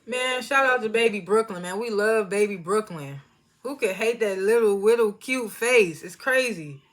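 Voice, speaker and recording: A woman's voice: medium pitch, lively intonation, normal speed. A woman giving a casual, rambling recap of a reality show, loose and slangy, often laughing at herself. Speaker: TV show reviewer. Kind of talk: casual chatty recap commentary.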